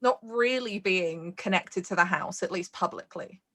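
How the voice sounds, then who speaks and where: A woman's voice: on the low side, moderate pace, bright, forceful tone. Thoughtful woman player. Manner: thoughtful, restarts words. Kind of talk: describing actions in a tabletop role-playing game.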